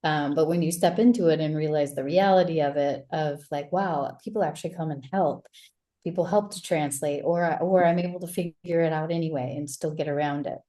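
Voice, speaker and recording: Lowish-voiced woman interviewer asking questions. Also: steady tone, brisk, dark tone. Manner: rambling, many fillers and restarts, encouraging questions. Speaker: interviewer and retreat host. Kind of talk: casual interview.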